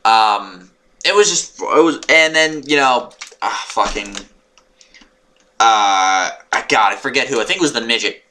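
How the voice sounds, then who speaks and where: A man rambling through a wrestling show review, excitable and swearing, sometimes yelling when annoyed. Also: medium pitch, measured pace. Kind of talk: unscripted recap monologue.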